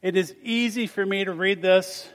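Male pastor, voice on the high side, dynamic sermon delivery, big hall reverb. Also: moderate pace. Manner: animated, swings between loud emphasis and soft asides. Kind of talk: sermon with scripture reading. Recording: long reverb of a large hall.

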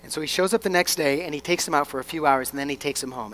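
A young man preaching a sermon as pastor, animated and acting out the voices of his listeners and of Jesus. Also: a little high, fast, vocal fry, hardly any pauses.

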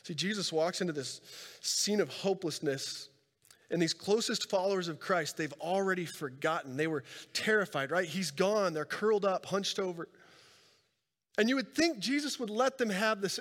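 A man's voice: high voice, a bit bright. A young man preaching a sermon as pastor, earnest and conversational, often restarting phrases and asking "right?". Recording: long hall reverb.

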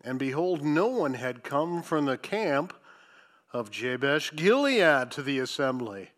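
A man preaching a sermon, reading scripture and commenting with sarcasm, swinging from loud emphasis to hushed asides. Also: fairly high pitch, very animated, unhurried.

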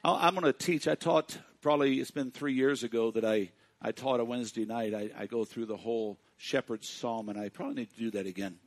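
A man preaching a sermon to his congregation, speaking directly to them and swinging between hushed and loud passages. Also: mid-range voice, a little fast, hardly any pauses. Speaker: pastor.

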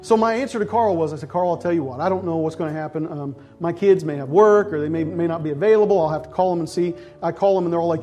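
A middle-aged male pastor telling a personal story in a sermon, acting out voices and sometimes shouting with excitement. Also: a little high, quick pace, hardly any pauses, faint music behind. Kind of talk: sermon testimony.

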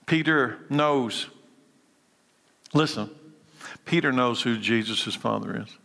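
A man preaching a sermon, swinging from hushed, slow lines to emphatic, rising ones and repeating his key points. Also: mid-range voice, gravelly. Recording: long hall reverb.

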